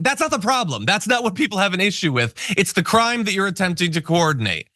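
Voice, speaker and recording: A man hosting a political talk show, sarcastic and animated, building hypothetical examples. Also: sits high, fairly quick, few pauses, dry recording, clean studio sound. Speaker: host. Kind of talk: political commentary chat.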